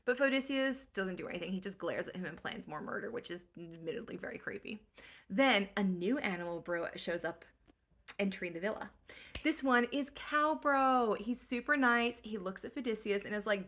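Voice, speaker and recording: A woman's voice: medium pitch, expressive, normal speed, fairly bright tone. A woman recapping an old story for comedy in slangy, sarcastic valley-girl speech. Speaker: host.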